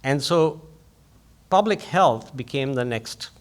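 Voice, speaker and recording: A man, a physician giving an invited public lecture, who speaks quickly and eagerly in a conversational way. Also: medium pitch, expressive.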